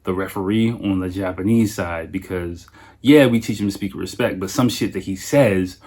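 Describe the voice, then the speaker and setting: Low-voiced male podcast host in his thirties, casual, animated and profane storyteller. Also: moderate pace. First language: English. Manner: animated storyteller, swears freely, laughs often. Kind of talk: casual solo podcast chat.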